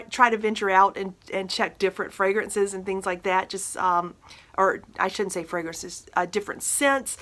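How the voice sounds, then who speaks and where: Middle-aged female vlogger, casual reviewer, bright tone, frank and talky. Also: medium pitch. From northern Minnesota. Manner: chatty, frank, with many fillers and restarts. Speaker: beauty and household product vlogger.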